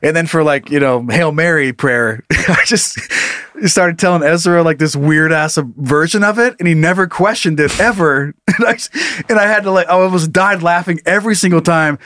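A man's voice: fairly high pitch, normal speed, a bit bright, no echo, studio quality. A man in his thirties co-hosting a podcast, telling stories in casual chat and laughing often. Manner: laughs often, acts out voices in anecdotes. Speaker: podcast co-host.

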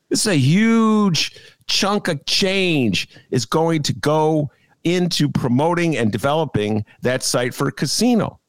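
A man's voice: medium pitch, creaky, dry recording. A middle-aged man from Chicago hosting a talk show, delivering a casual, sarcastic opinion monologue with folksy asides to his listeners. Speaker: radio show host.

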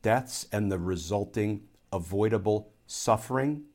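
A man's voice: on the low side, unhurried, darkish tone. A man, a former Army lawyer, giving a solo political commentary that explains his argument step by step and poses rhetorical questions.

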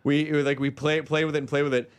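A man's voice: on the high side, flat delivery, rapid-fire, smooth. A man hosting a podcast, riffing playfully in casual comedic banter. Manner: playful, riffs on bits and jokes. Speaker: podcast host.

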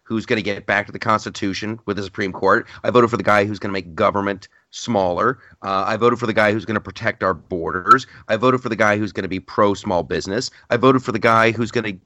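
A man hosting a podcast in casual chat, relaxed and talking in restarts. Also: on the low side, fast talker, few pauses, muffled recording. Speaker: podcast host.

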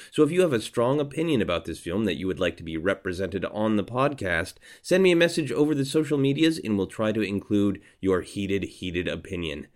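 A man hosting a comedy podcast, reading intro announcements with dry, self-mocking jokes. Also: on the low side. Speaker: podcast host.

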